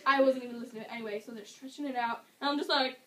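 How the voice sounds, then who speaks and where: A woman's voice: sits high, steady tone, rapid-fire, over a noisy crowd. A teenage girl telling a story casually, rambling with fillers and laughing often. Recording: distant mic with loud background noise.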